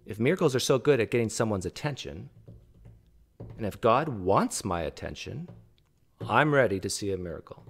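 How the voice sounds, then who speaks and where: A man's voice: on the low side, lively intonation, normal speed, gravelly, long pauses, slightly rough. A man hosting a reaction video, arguing casually and addressing the speaker in the clip directly. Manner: argumentative, talks back directly to the speaker on screen. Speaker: video host reacting to clips.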